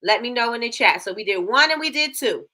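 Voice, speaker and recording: A woman's voice: on the high side, animated, a little fast, pushed and bright. A woman hosting a casual live business show, chatty and repeating herself as she reads out figures. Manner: chatty, repeats phrases, reads stats aloud. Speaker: livestream host.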